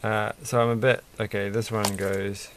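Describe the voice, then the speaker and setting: A man's voice: on the low side, flat delivery, normal speed, slight background noise. A man casually rambling and musing aloud as he builds a toy set, mildly self-deprecating.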